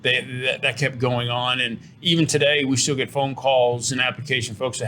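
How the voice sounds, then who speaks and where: An earnest middle-aged man pitches his business as a studio interview guest. His voice sits at an ordinary pitch, and he often repeats a word before finding the next one. A faint hiss runs underneath. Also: flat delivery, moderate pace, few pauses, sharp tone. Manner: earnest, pitching, repeats words when restarting. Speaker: trucking company owner, interview guest. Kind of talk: promotional interview talk.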